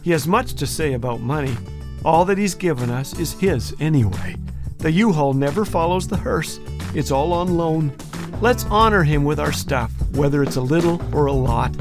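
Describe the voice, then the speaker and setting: A man's voice: on the high side, animated, normal speed, over music. A man hosting a radio show, delivering a scripted humorous monologue in a playful, joking way and chuckling at his own lines.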